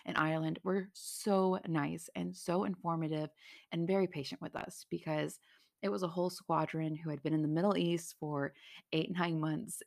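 Gravelly-voiced woman chatting on a podcast. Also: low-pitched, no room sound, clean studio sound. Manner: chatty, self-deprecating, animated. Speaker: podcast host. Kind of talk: casual solo podcast chat.

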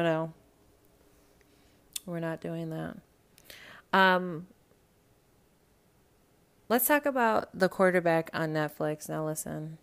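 Profane low-voiced woman podcaster. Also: smooth. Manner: blunt, profane, animated and rambling. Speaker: podcast host. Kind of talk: casual solo podcast chat.

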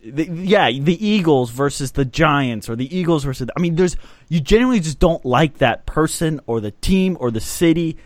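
A man's voice: a little high, animated, moderate pace, no echo, clean studio sound. A man hosting a casual sports podcast, giving opinions with long lists of examples. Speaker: podcast host.

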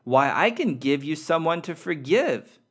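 A man voicing a gentle loving spirit. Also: medium pitch, normal speed, natural voice. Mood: tender. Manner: tender, reassuring, quiet. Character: gentle, loving, playful friendly soul spirit.

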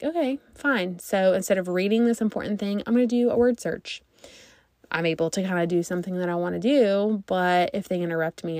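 A woman's voice: fairly low pitch, a little mellow, no room sound. A woman in her thirties, a mom vlogger chatting casually to her viewers, rambling and thinking aloud.

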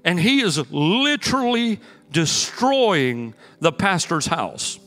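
A man preaches from the pulpit with a high, bright voice. His energetic storytelling swells into emphatic bursts. A long reverb of the church hall trails his words, with soft music underneath. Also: slow pace. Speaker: pastor. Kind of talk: sermon. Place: church sanctuary.

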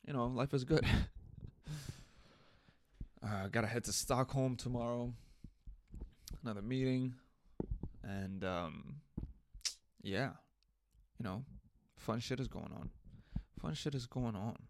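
A man's voice: mid-range voice, slow, long pauses, darkish tone. A young man hosting a podcast, ranting in a casual comedic monologue, swearing and laughing at himself, recorded on a studio mic. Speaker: podcast host. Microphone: studio mic through audio interface.

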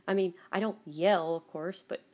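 A woman's voice: on the low side, steady tone, normal speed, a little mellow. A woman hosting her own podcast, chatting casually at home, rambling with frequent laughs and some swearing. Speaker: podcast host. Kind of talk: casual personal monologue. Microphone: home recording.

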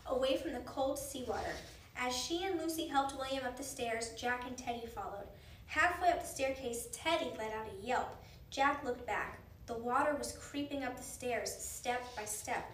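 High-voiced woman reading a storybook. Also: normal speed. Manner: expressive, animated reading. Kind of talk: reading a children's book aloud. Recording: roomy, distant mic, faint noise.

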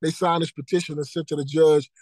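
Man, 30s, high voice, earnest testimony with acted-out quotes, dry close sound. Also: flat delivery, quick pace, darkish tone, no echo, rough recording. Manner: earnest storytelling, repeats key phrases, acts out dialogue. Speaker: podcast guest, motivational speaker. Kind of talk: personal testimony in casual interview.

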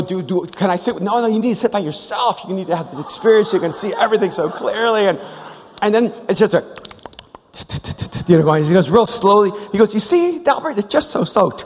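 A man preaching a sermon, telling stories animatedly, acting out the voices and often restarting his sentences. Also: high voice. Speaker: pastor. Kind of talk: sermon storytelling. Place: large church hall. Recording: live church hall with reverb.

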